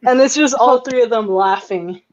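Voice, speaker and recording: A woman's voice: on the high side, normal speed, muffled recording. A woman chatting casually on a stream, rambling with many fillers and laughter. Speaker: stream participant. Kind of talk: casual chat.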